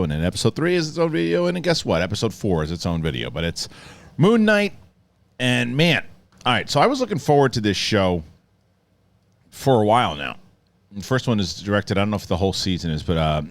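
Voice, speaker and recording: A man hosting his channel, giving a casual spoken review in a rambling, animated way with frequent restarts. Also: lowish voice. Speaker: host.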